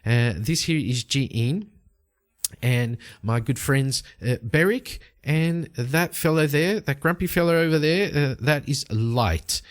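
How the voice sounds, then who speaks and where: A man voicing a polite, friendly adventurer who chats warmly with a stranger. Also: mid-range voice, takes it slowly, voice pushed up, lightly acted. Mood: chatty. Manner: friendly and talkative.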